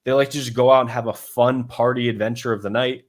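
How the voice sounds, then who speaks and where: A man's voice: mid-range voice, fairly even intonation, fast talker. Casual man explaining a step-by-step system. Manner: loose and conversational, many fillers and restarts, acts out his own inner thoughts. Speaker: dating coach.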